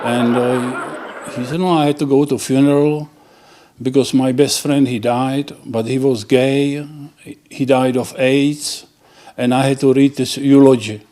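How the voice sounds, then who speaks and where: Halting man telling dirty jokes. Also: medium pitch, flat delivery, mellow. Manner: halting, restarts words, laughs at own punchlines. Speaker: joke teller.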